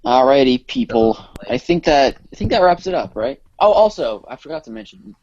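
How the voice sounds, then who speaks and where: A man's voice: mid-range voice, sing-song, moderate pace, darkish tone, dry recording, muffled recording. A man co-hosting a casual tech podcast, upbeat as he wraps up the episode and signs off. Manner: upbeat, opens and closes the show. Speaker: podcast co-host.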